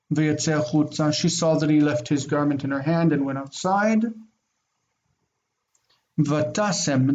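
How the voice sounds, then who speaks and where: Guy teaching bible hebrew, reads a bit then translates, slightly higher voice, faint hiss behind. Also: darkish tone, rough recording. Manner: reads Hebrew aloud then translates, repeats phrases slowly. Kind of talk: screen-shared lesson, reading and translating.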